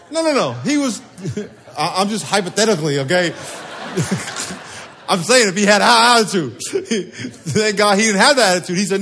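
A man with a fairly high voice preaches to his congregation. He keeps it conversational and playful, and he leads the room in call-and-response. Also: very animated, normal speed, sharp tone. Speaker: pastor. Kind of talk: sermon. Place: church sanctuary.

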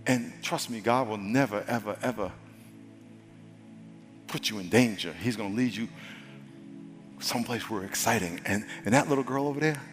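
A male pastor delivering a sermon and altar call in an easy, conversational manner, often restarting and repeating words. His voice rings in a church hall with long reverb. Quiet music plays underneath. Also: fairly low pitch, moderate pace, pauses often. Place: church sanctuary.

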